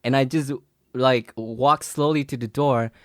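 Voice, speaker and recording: A young man, rambling through a story on a casual podcast. He leans on fillers and restarts and laughs along the way. His voice sits at a middle pitch, recorded close and dry. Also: steady tone, measured pace, no room sound. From Philippines. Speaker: podcast co-host.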